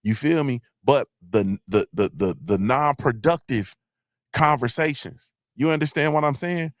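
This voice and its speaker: A man's voice: medium pitch, unhurried, dry recording, studio quality. A man hosting a live morning show, talking in a casual, motivational way. He is blunt and emphatic, curses freely, and keeps checking in with his listeners. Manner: emphatic, repetitive, often asks "you feel me?"; blunt, uses profanity. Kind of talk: casual motivational livestream talk.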